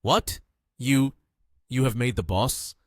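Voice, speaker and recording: A man's voice: medium pitch, slow pace, no room sound, clean studio sound, natural voice. A man reading the lines of a frightened, blustering male thug in a story recap. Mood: scared. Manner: stammering, blustering.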